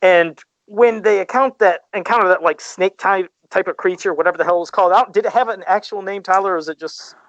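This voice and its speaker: Higher-voiced man recapping a cartoon excitedly. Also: fast talker, hardly any pauses, no echo. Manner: animated storytelling, recapping plots. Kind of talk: casual podcast chat. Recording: dry, dull lo-fi podcast audio.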